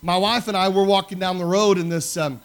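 A man preaching a sermon, telling personal stories in an animated way that swings from loud to hushed. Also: high voice, fairly quick, smooth. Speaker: pastor.

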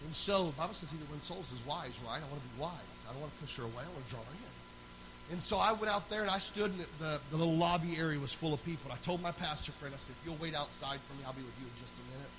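A man preaching a sermon, moving between loud, sung exhortation and quiet, conversational storytelling. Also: fairly high pitch, very fast, hardly any pauses, noisy background.

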